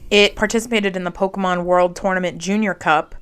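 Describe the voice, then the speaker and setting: A woman co-hosting a podcast, speaking softly in casual chat and reading out fun facts. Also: lowish voice, fairly even intonation, brisk, smooth. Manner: soft-spoken, reads fun facts aloud. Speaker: podcast co-host.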